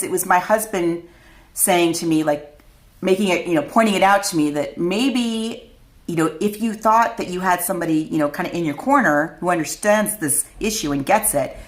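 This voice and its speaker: A middle-aged woman vlogger telling a personal story to camera, chatty and candid, often laughing at herself. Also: lowish voice.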